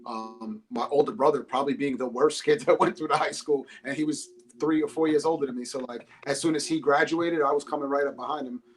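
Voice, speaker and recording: A man with a medium-pitched, fairly even voice talks fairly quickly with hardly any pauses, speaking into a phone as a podcast guest. A rapper and English teacher, he tells loose, profane stories in casual chat.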